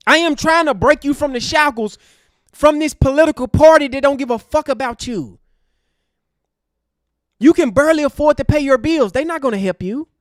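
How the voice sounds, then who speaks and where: Guy ranting hard on his stream, real high voice, dry close mic. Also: normal speed, no room sound. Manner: fiery, preachy, repetitive. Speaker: online show host. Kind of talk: impassioned livestream rant.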